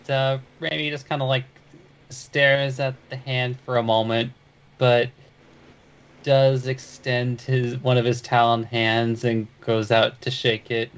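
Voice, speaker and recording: Flat, slow man on a dull lo-fi mic. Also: mid-range voice, clean tone. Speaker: player. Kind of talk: describing his character's actions.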